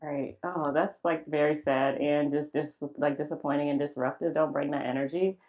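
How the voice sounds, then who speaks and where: A woman's voice: low voice, steady tone, moderate pace, a little mellow, dull audio. A woman co-hosting a podcast in casual chat, easygoing and laid-back with informal slang. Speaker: podcast co-host.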